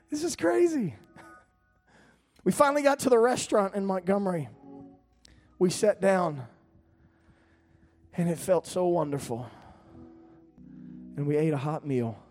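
Animated preacher telling a story. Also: male voice, high voice, a little slow, long pauses, soft background music. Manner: animated storyteller, sudden loud peaks and laughter. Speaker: pastor. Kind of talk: storytelling sermon.

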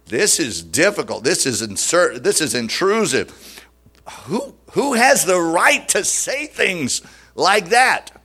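A man's voice: on the high side, big pitch swings, slow pace, bright, forceful tone, husky, exaggerated voice. A man voicing an offended modern churchgoer who huffs and fires back incredulous, mocking questions. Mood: indignant.

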